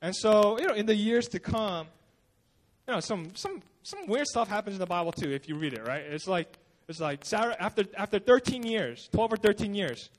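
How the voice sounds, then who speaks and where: A man's voice: high-pitched, big pitch swings, normal speed. A male pastor giving a casual, conversational sermon at a church service, telling the story informally with lots of fillers. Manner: informal storytelling, acts out quotes, many fillers.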